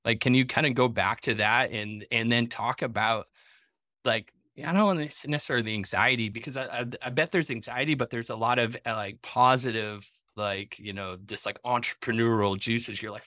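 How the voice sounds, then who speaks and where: A man hosts a podcast in loose, rambling talk, full of likes, restarts and casual swearing. His tone is bright and edgy. The sound is dry and close. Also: mid-range voice, a little fast, no room sound. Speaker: podcast host.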